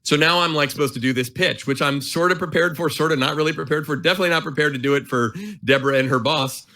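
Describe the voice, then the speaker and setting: A man in his forties, an author and guest, telling an animated, self-mocking story and acting out his inner voice. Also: a little high, quick pace. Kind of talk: storytelling in a conversation.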